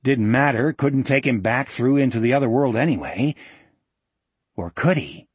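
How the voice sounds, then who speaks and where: A man narrating an audiobook in a measured, vivid storytelling manner. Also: medium pitch, slightly rough, dry recording.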